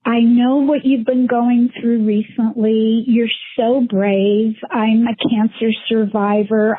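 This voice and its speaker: A woman's voice: fairly high pitch, breathy edge, no room sound. A woman caller leaving a heartfelt, chatty voicemail. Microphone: phone. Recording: tinny phone line voicemail.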